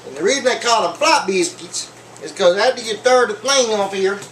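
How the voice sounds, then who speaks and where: A man's voice: sits high, expressive, moderate pace, fairly bright tone, a little hiss or hum. A man hosting a homemade cooking show, rambling and joking as he cooks, with lots of fillers and offhand asides. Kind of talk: casual comedic cooking demo. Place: home kitchen. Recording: echoey kitchen, far from mic, clattering pans. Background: clinking dishes, pots and cutlery.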